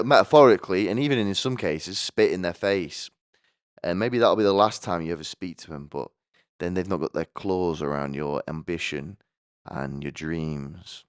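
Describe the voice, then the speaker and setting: A man's voice: sits low, smooth, no echo, studio quality. A man hosting a podcast, telling rambling personal stories with crude jokes and asides. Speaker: podcast host. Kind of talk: comedic personal monologue.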